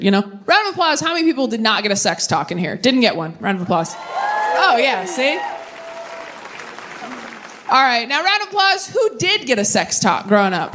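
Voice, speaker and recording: A young woman doing stand-up comedy on stage, chatting with the crowd and veering into quick asides. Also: on the high side, a little hiss or hum. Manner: animated, tangent-prone, quick asides to the crowd.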